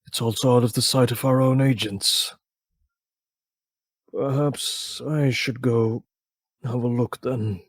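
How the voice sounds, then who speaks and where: A man's voice: mid-range voice, steady tone, slow pace, pauses often, breathy edge, dry recording, studio quality. A man voicing a doubtful man in a vision, half-whispered and hesitant.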